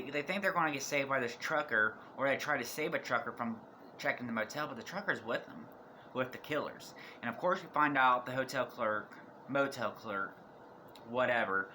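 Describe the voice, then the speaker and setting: A man with a bright, forceful voice that is turning hoarse. He rambles through a casual movie review and keeps cutting himself off to start sentences again. Faint background noise sits under him. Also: medium pitch. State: losing his voice.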